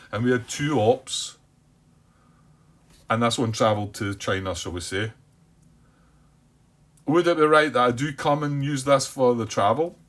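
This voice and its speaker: A man playing a board game solo, thinking aloud in a hesitant way, repeating words, questioning himself and calming himself down by name. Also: mid-range voice. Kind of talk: thinking-aloud playthrough commentary.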